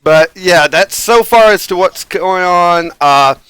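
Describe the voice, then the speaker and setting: A man hosts a live tabletop game stream in a casual, rambling way, laughing now and then and leaning on fillers. His voice is bright and smooth, a little high for a man, and sits dry and close with no room around it. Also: takes it slowly, no echo. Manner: rambling, chuckles often, many fillers. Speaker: game master and stream host.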